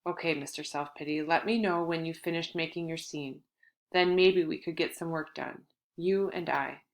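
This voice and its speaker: A woman's voice: sits low, steady tone, moderate pace. A woman reading an audiobook, voicing a bossy, mocking old grandfather who speaks as a ghostly voice. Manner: gruff, mocking, bossy coaching. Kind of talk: audiobook character voice.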